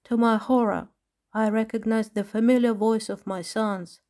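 A woman's voice: a little high, steady tone, normal speed, natural voice. A woman voicing a worried lion parent whose sons were taken, speaking in distress. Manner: distressed, sobbing quietly.

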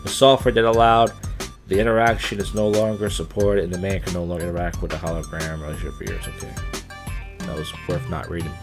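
A man's voice: low voice, fairly even intonation, quick pace, music in the background. A man live streaming, reading odd news headlines in a crude, rambling way with off-the-cuff jokes.

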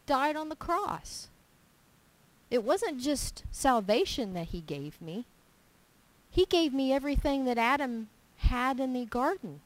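A woman's voice: on the high side, poor audio. A woman giving an informal sermon full of personal stories, talking emphatically and repeating her key points. She acts out small dialogues in her own voice as she goes. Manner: animated storytelling, acting out little dialogues in her own voice; emphatic and repetitive. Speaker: preacher.

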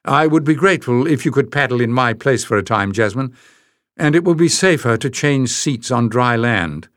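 A man reading a storybook voicing a tactful, secretive young man who speaks softly and reflectively. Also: mid-range voice, lively intonation, moderate pace, no room sound, clean studio sound, voice pushed up, natural voice. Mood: coaxing. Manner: soft, reflective.

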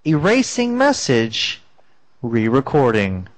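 A man voicing an automated voicemail system during a prank call, reading prompts in a slow, low monotone. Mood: robotic. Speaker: prank caller.

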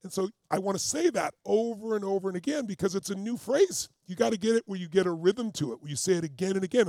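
A man's voice: sits high, lively intonation, fast, creaky, hardly any pauses, darkish tone, no room sound, studio quality. A man as a motivational coach, leading a live group exercise with urgent, commanding, repeated cues.

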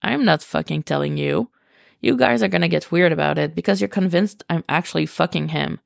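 A woman's voice: low-pitched, fairly quick, gravelly, no room sound, studio quality. A woman reading a podfic, voicing a flustered young man who keeps insisting it was a joke. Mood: defensive. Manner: defensive, exasperated.

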